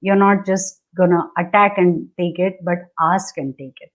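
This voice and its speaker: A relationship coach with a lowish, steady voice speaks at normal speed over a video call. She dictates instructions step by step and acts out the attitudes she's describing.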